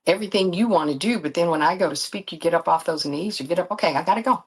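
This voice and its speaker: A woman's voice: on the low side, fast talker, slightly rough, rough recording. A middle-aged woman, a guest telling her story in an earnest, faith-filled way. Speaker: guest, disability advocate and author. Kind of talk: candid interview talk.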